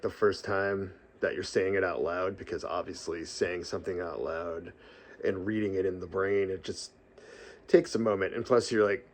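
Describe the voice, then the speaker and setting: Laughing, rambling man with a low voice. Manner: laughs often, rambling with restarts and fillers; breathy sigh after long phrases. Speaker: podcaster. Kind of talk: casual vlog talk.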